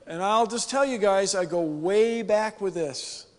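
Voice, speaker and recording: High-voiced man joking in a big hall. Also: unhurried. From United States. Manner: animated, joking, emphatic. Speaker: keynote speaker. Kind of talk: conference keynote talk. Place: large conference hall with live audience. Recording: long hall reverb.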